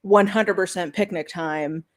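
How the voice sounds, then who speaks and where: A woman with a fairly low voice chatting in a book club over a video call. She rambles through her stories in an animated way, with many fillers and restarts. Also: measured pace. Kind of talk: casual book club chat.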